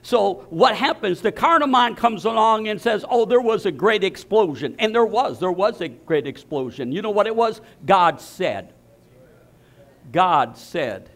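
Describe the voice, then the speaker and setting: A man's voice: high voice, expressive, a little slow, a bit bright. An older male pastor preaching a sermon, emphatic and repeating words as he builds each point. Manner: repetitive, emphatic, restarts phrases.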